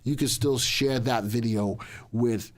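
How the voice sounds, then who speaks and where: A man hosting a live stock market show, with a voice of middling pitch. He talks casually and chattily, often saying a line twice as he works through the news. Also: steady tone, slow. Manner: chatty and repetitive, restating lines as he goes. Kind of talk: casual livestream market commentary.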